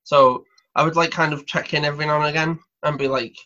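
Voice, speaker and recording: A man's voice: fairly high pitch, steady tone, quick pace, pushed and bright. Hesitant, chatty male podcast host. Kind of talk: casual podcast interview. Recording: dull lo-fi recording.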